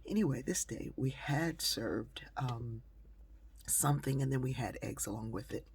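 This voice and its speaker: A woman's voice: rumbling low, moderate pace, creaky, a little mellow, slight background noise. A woman telling a personal story in a conversational style, with frequent fillers. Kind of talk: storytelling monologue.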